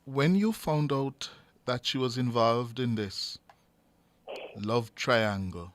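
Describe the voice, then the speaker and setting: A man's voice: mid-range voice, takes it slowly, no echo. A Jamaican man interviewing a guest with short probing questions. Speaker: interviewer, host.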